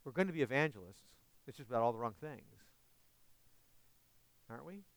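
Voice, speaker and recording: A man's voice: mid-range voice, lively intonation, brisk, no echo. A man preaching a sermon as pastor, earnest and often asking his listeners questions.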